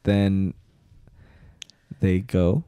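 Dude on a podcast rambling about a movie, lots of swearing and laughing, slow drawl, super dry sound. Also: male voice, low-pitched, fairly even intonation, dark tone, clean tone, no echo. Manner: profane, rambling, laughs often. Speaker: podcast co-host. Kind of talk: casual chat recapping movies.

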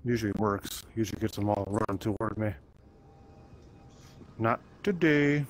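Over some background noise, a man with a lowish voice talks at a moderate pace while playing a zombie game. His let's-play commentary is playful, aimed both at himself and at the enemies he meets along the way.

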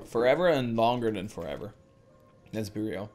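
A woman's voice: a bass voice, lively intonation, moderate pace, darkish tone, faint music behind. A woman giving let's play commentary as a gameplay streamer, swearing constantly and ranting at the game.

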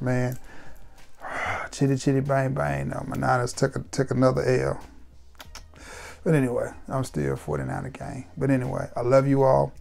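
A laid-back man chatting to camera about fragrances in a loose, repetitive way. His mid-range voice has a gravelly, creaky texture, and faint music plays underneath. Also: mid-range voice. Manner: relaxed, rambling and repetitive, with warm sign-offs. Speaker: fragrance reviewer. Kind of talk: casual chat to camera.

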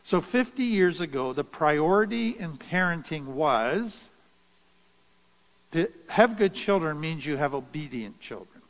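Man, high-pitched voice, unhurried deliberate teaching talk, earnest, long reverb around him. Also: lively intonation. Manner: slow, deliberate and earnest, with stressed phrases. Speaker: trauma educator.

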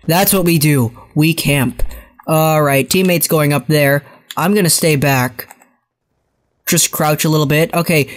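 Excitable young gaming commentator. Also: male voice, sits high. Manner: excitable, frustrated outbursts and self-mocking rants. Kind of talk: live gameplay commentary.

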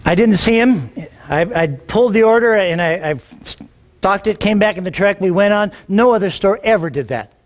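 A middle-aged man, a pastor, telling a personal story in a sermon, animated and acting out the dialogue, often repeating words as he gets going. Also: high voice, normal speed. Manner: animated, acts out quoted dialogue, repeats words when excited.

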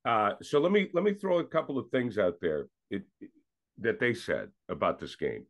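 Lively, low-voiced man talking sports. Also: moderate pace. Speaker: podcast co-host. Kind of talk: casual sports talk.

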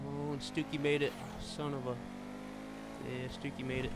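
A man's voice: mid-range voice, level tone, moderate pace, heavy background noise. A man streaming a racing game, chatting with viewers and friends and exclaiming often. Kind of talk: live gameplay commentary.

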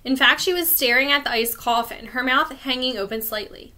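A woman, a teacher, reading a chapter book aloud to children in a friendly, clear storytelling manner. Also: sits high, a little fast, sharp tone.

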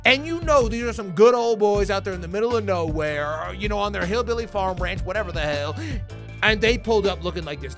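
A man's voice: high voice, expressive, a little fast, music in the background. A man hosting a reaction video, giving incredulous, profane commentary and repeating his questions.

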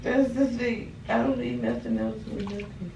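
A woman's voice: fairly high pitch, sing-song, normal speed, gravelly, dark tone, recorded from a distance. A young woman joking around as a guest on a friend's vlog, laughing and slangy. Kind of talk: casual chat. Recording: echoey room, off-mic, noisy.

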